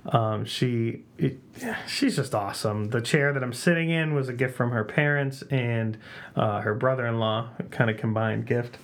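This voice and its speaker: A man hosting a casual home podcast, relaxed and joking, laughing often. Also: medium pitch, normal speed. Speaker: podcast host. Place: home podcast room with blankets on walls.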